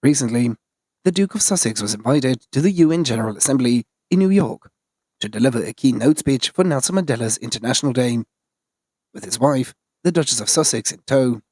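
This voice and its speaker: A man reading scripted news narration in a flat, even delivery. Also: mid-range voice, a little fast, husky, no room sound.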